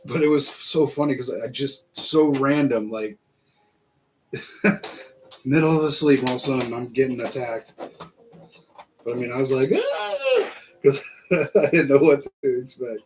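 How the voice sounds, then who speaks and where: A man's voice: mid-range voice, a little slow, pauses often, slight background noise, rough recording. A man hosting a casual build-along vlog, chatting to himself and laughing through his stories. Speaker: vlog host building a model kit.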